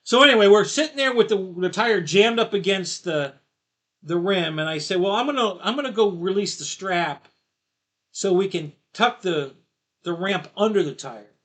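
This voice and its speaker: A man's voice: high voice, lively intonation, moderate pace, a bit bright. A middle-aged man hosting a live stream, rambling through a casual story and laughing at his own jokes. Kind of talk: casual chat.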